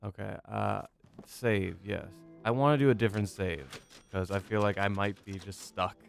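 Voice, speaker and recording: A man's voice: lowish voice, steady tone, moderate pace, vocal fry, music in the background. A young man rambling through a let's play, self-mocking and swearing as he gets lost. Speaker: gaming YouTuber. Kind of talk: casual let's play commentary.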